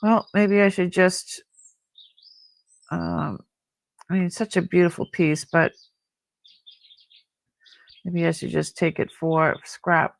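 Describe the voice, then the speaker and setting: A woman's voice: fairly low pitch, steady tone, takes it slowly, gravelly, long pauses. A middle-aged woman hosting a live jewelry sale, chatting casually and admiring each piece as she rambles. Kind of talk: casual live-stream selling chat.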